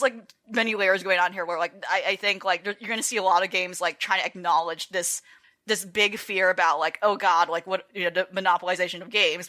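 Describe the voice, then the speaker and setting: A woman talks through her thoughts on a casual gaming podcast. She rambles and restarts, leaning on fillers and quick laughs, and her voice sounds bright. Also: mid-range voice. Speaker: podcast co-host. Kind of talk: casual chat.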